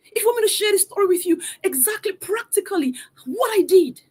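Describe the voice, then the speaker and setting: A woman's voice: extremely high pitch, animated, fairly quick, darkish tone. A woman, a mother of three, hosting a live online motivational session from a room at home. She speaks with energy, urging her audience again and again. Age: adult mother of three. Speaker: motivational coach hosting a virtual event. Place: room at home, not a studio.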